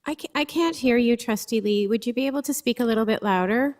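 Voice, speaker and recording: A woman's voice: fairly high pitch, fast, darkish tone. A woman chairing a school board meeting, politely directing questions between trustees. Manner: polite, procedural.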